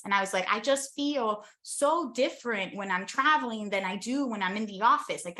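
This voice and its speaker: A young adult woman from the United States tells her travel stories to an interviewer in an animated, enthusiastic flow, dotted with quick asides. Her voice sits a little high and sounds bright and forward, with a crisp edge. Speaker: interview guest, travel content creator. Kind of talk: casual storytelling in an interview.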